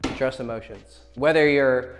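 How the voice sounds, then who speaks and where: A man's voice: mid-range voice, moderate pace, soft background music. A man giving blunt, profane dating advice in a casual lecture, acting out quoted lines as he goes.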